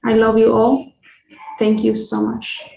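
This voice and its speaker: A woman sharing her own cancer story on a video call, earnest and deliberate in tone. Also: fairly high pitch, monotone, gravelly, a little mellow, reverberant, poor audio. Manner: earnest, slow and deliberate, list-like phrasing. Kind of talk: heartfelt personal testimony.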